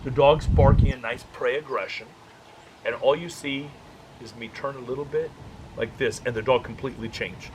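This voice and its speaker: A man leading a dog-training workshop, telling jokey stories in a casual, animated way. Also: medium pitch, normal speed, a little hiss or hum, rough recording. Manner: animated, joking storyteller. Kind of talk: casual workshop talk with anecdotes.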